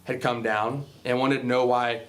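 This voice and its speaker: A man's voice: medium pitch, level tone, moderate pace. A man speaking to a Bible class, retelling a film scene in a rambling, casual way to draw a moral. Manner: rambling, many fillers and restarts.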